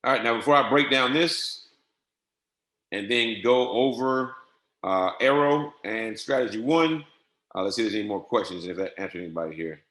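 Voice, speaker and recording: A man teaching a software setup on a screen-share webinar, dictating settings step by step in a patient, repetitive way. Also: mid-range voice, moderate pace. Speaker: trading software instructor. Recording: echoey room.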